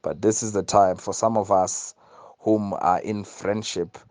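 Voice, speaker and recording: A man's voice: on the low side, steady tone, measured pace, darkish tone, no room sound. A man from Africa telling a folk tale and its lesson in an earnest, hesitant way. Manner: hesitant, many fillers and restarts, earnest. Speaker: storyteller.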